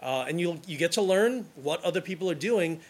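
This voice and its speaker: A man's voice: fairly high pitch, animated, fairly quick. A wedding photographer from Brooklyn, a man talking casually and enthusiastically, rambling with restarts as he gives advice. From Brooklyn, New York.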